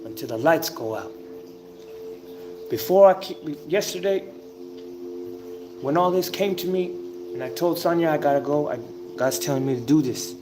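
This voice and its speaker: A man giving an informal spiritual talk, telling a story emphatically, with drawn-out pauses and the odd curse word. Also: on the high side. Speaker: self-styled spiritual teacher. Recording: noisy ambient background.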